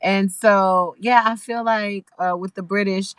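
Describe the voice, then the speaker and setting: A woman's voice: mid-range voice, steady tone, a little slow, fairly bright tone, smooth, dry recording, low-quality recording. A woman from Los Angeles, a guest musician, talking casually and thoughtfully with lots of restarts over a video call. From Los Angeles, USA. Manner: talkative, thoughtful, many restarts. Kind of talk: casual chat.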